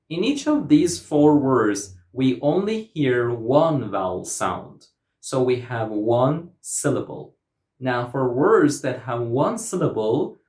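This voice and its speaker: In a scripted online lesson, a man teaches English pronunciation, explaining clearly and deliberately and modeling example words. His voice is mid-range, and the recording has a roomy sound.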